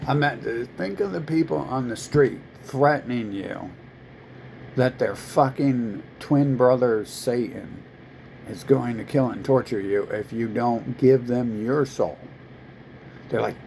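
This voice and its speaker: A man rants in a casual, profane, rambling way to camera. His voice is gravelly with plenty of creak. A faint air-conditioner hum runs behind him. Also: mid-range voice, slow, a little mellow, poor audio.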